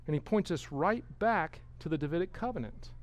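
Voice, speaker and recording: A man's voice: a little high, expressive, a little fast, dry recording. A man, a pastor, giving an expository sermon with emphatic delivery and rhetorical questions.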